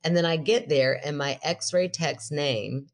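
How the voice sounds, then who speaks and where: Middle-aged woman, podcast co-host, very deep voice, lively storyteller. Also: measured pace, creaky. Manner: animated storyteller, laughs often, quotes herself in a raised voice. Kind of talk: casual chat, storytelling.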